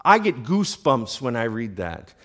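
A man's voice: medium pitch, sing-song, normal speed, fairly bright tone. Man preaching in a chatty, questioning way. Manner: conversational preaching, asks the congregation questions. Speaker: pastor. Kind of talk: sermon. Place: church sanctuary.

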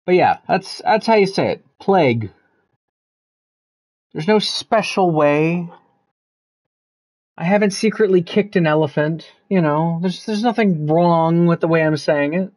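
A man's voice: on the high side, measured pace, a little mellow. A man chatting casually with viewers while he plays a game on a live stream, loose and joking, swearing freely.

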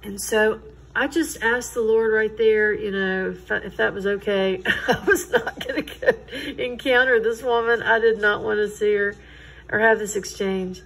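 A woman's voice: mid-range voice, steady tone, unhurried, gravelly, fairly bright tone, poor audio. A middle-aged woman, telling her personal faith story in an earnest, conversational way. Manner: earnest, conversational, quotes others in dialogue. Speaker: Christian testimony speaker.

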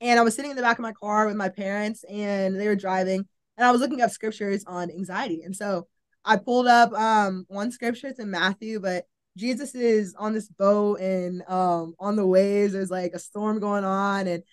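A woman's voice: mid-range voice, fairly even intonation, moderate pace, smooth. A young woman, a college athlete, telling a personal faith story in a casual, earnest way, often saying "like" and acting out her own past thoughts. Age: young adult. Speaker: college volleyball player, podcast guest.

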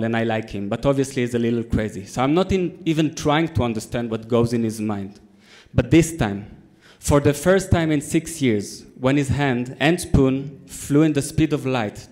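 Deadpan man telling a story. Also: medium pitch. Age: 30s. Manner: deadpan storytelling with comic timing. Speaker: conference speaker. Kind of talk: storytelling talk to a conference audience. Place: conference hall.

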